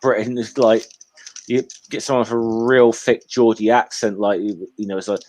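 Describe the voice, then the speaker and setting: A man's voice: fairly low pitch, flat delivery, moderate pace, a little mellow. A man in casual chat who speaks hesitantly, apologises often and begins his sentences with many false starts. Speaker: guest on a casual online chat.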